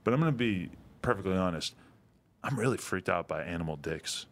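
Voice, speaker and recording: A man's voice: deep voice, lively intonation, brisk. A man chatting casually on a podcast, telling stories in a loose, profane way. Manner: laid-back storyteller, swears freely. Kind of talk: casual chat.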